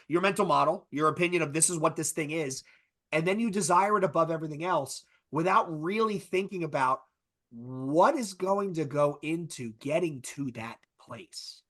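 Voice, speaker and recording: Male panelist, bright upper voice, rambling and self-correcting delivery. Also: on the high side. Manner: rambling, self-correcting, keeps adding "right?". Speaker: podcast panelist. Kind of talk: casual panel discussion.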